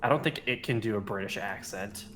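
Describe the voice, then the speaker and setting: A man's voice: fairly low pitch, a little fast, fairly bright tone, a little hiss or hum. A man chatting playfully with friends while gaming, rambling through his thoughts. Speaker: friend on stream. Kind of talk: casual gaming voice chat.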